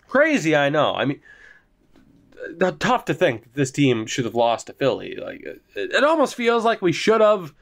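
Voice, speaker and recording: Excitable young man calling a hockey game. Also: fairly high pitch, normal speed, vocal fry. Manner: excitable, swings between mutters and shouts; joking, swears freely. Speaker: gaming commentator. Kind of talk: casual game commentary.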